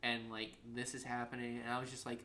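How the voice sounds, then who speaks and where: A young adult telling a story in casual podcast chat, animated, acting out quotes, swearing freely and saying "like" constantly. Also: medium pitch, fast.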